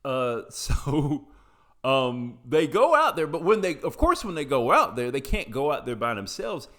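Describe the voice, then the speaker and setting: A man's voice: a little high, sing-song, moderate pace, sharp tone. A young adult man from Appalachia telling a personal story in a casual, rambling, profane way, with frequent tangents.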